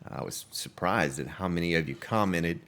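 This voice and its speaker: A man's voice: deep voice, moderate pace, fairly bright tone. A man commentating his own gameplay on a live stream, chatting along and greeting viewers by name. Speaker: game streamer.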